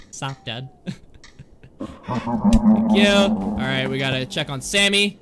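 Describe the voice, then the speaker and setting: A young man commenting on a horror game he is playing, excitable, yelling, laughing and talking back to the characters. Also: medium pitch, takes it slowly, long pauses, very noisy. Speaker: gaming YouTuber.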